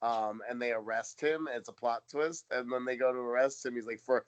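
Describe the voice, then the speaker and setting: A man's voice: medium pitch, fairly even intonation, a little fast, no echo. A man co-hosting a podcast in casual chat, wry and laughing often as he retells scenes. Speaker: podcast co-host. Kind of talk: casual chat recapping a TV episode.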